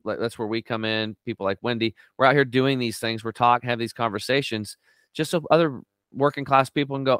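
A middle-aged man telling stories in a lively interview, acting out quotes with sudden jumps in his voice. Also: fairly quick, clear, resonant tone, no echo. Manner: animated storyteller, acts out quotes with big pitch jumps. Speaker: guest on a health talk show. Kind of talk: energetic conversational interview.

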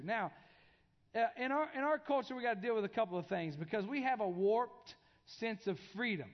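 A high-voiced man preaches a casual, conversational sermon, stumbling and restarting his sentences as he goes. His voice rings out through a church with a long echo. The recording sounds dull and muffled. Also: fairly quick. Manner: conversational, with many restarts and filler. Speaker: pastor. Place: church sanctuary.

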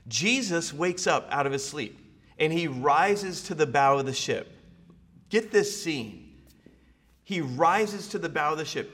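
Fervent preacher in a reverberant hall. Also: male voice, on the high side, a bit bright. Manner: impassioned preaching with rhetorical questions and repetition. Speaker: pastor. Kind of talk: sermon. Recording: long reverb of a large hall.

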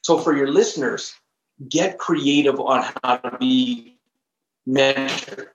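A man's voice: mid-range voice, slow, slight background noise. A man in his fifties, a professional trainer on a podcast, telling an emphatic story and acting out the dialogue. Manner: animated, emphatic storyteller who acts out dialogue. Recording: roomy, slightly dull recording.

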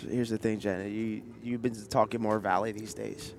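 A man's voice: on the low side, level tone, moderate pace, gravelly, darkish tone, slight background noise. A man co-hosting a casual podcast from a car, teasing his partner and acting out what people said. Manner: playful, teasing, acts out quotes. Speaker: podcast co-host. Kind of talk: casual chat. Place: in a parked car.

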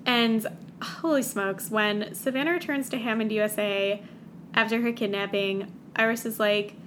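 A woman co-hosting a podcast, recapping a book in casual chat with sarcastic asides and quick character voices. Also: medium pitch, steady tone, slight background noise.

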